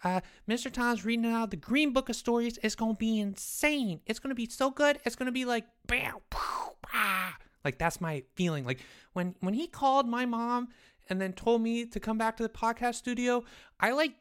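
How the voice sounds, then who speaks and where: A woman voicing Jeffrey, a scatterbrained, excitable young boy who rambles as a comedy podcast co-host. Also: a little high, moderate pace, clean tone, lightly acted. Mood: excited. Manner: scatterbrained, rambling, easily sidetracked.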